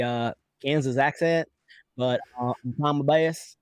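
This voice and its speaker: A man hosting a podcast, chatting casually and laughing often, with quick restarts as he talks. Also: medium pitch, fairly even intonation, clear, resonant tone, no room sound. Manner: laughing, joking, stammers on restarts. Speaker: podcast host. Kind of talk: casual chat.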